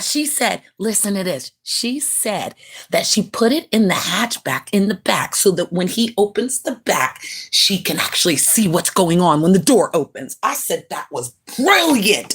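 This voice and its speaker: A woman hosting a livestream, chatting casually and gossiping to viewers in a slangy, profane way, with laughing asides. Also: breathy edge. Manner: animated, swings pitch up for greetings and quotes. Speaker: livestream host.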